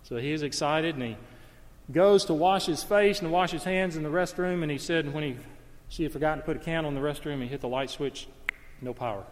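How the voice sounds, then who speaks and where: Impassioned preacher in a reverberant hall. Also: male voice, on the high side, fairly quick. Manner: impassioned, swings from hushed storytelling to loud emphasis. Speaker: pastor. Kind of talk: sermon. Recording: long reverb of a large hall.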